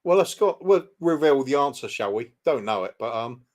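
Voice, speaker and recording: A man's voice: medium pitch, lively intonation, normal speed. Dry-witted man on casual chat. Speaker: co-host.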